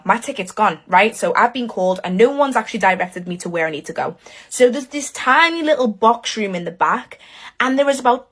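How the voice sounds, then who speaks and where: A young woman telling a funny story about a chaotic errand in an animated, exasperated way, swearing freely. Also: on the high side. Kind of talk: casual comic storytelling.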